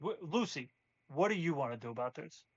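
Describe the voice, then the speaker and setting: A man's voice: fairly high pitch, animated, brisk, no echo, lo-fi sound. A man narrating as game master for a tabletop game, rambling and casual, swearing freely.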